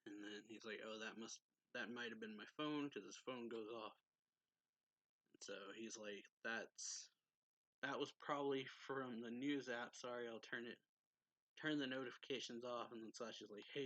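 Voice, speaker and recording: Bright-voiced man recapping a manga chapter. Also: medium pitch, dry recording, rough recording. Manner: loose retelling with many fillers. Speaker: manga reviewer.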